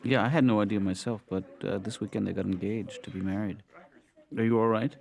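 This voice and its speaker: A middle-aged man voicing a mild-mannered therapist father in a cartoon, calm and dry with small hesitations. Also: lowish voice, a little fast, vocal fry. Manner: calm, dry, gently awkward.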